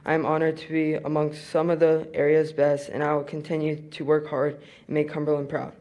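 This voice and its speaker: Give me a young man reading an acceptance speech in a flat, steady voice. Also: fairly high pitch, brisk. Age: young adult. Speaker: award winner.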